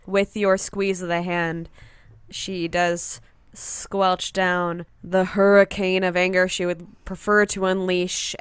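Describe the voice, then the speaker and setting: A woman's voice: on the low side, smooth, no echo. A woman playing a tabletop role-playing game, wryly describing her character's actions. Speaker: player.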